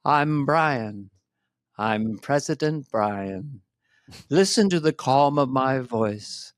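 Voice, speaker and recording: A man voicing a bland, calm male president who speaks in a slow, hushed, soothing way. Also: medium pitch, no echo, clean studio sound, pitched below the performer's own voice.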